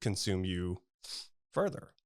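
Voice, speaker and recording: A man's voice: deep voice, very animated, takes it slowly, smooth. A man stage actor talking in an interview, thoughtful and hesitant with many fillers. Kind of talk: casual interview chat.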